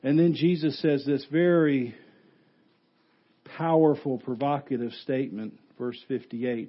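A man preaching a sermon as pastor, animated and full of rhetorical questions, swinging from loud to hushed. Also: medium pitch, unhurried, dull audio.

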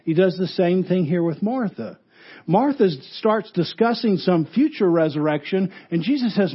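A pastor preaching a funeral sermon, earnest, rising loud for emphasis and dropping low and soft. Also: male voice, animated, normal speed, slightly rough, dull audio.

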